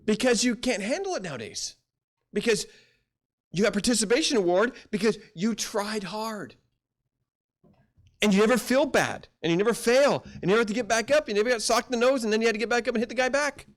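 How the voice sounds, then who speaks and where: Man, middle-aged pastor, sermon, folksy storytelling, high pitch, very animated delivery. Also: a little fast. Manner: folksy storytelling, acts out quotes.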